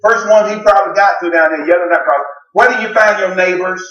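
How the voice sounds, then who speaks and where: A man preaching a sermon, telling the story with jokes and sudden shouted exclamations. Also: high voice, fast, dull audio. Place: church sanctuary. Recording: roomy church sound from a distant mic.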